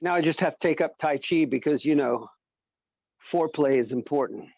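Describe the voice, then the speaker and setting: A man's voice: on the high side, brisk, dry recording, highs cut off. A man doing a stand-up comedy set, telling stories and slipping into silly voices.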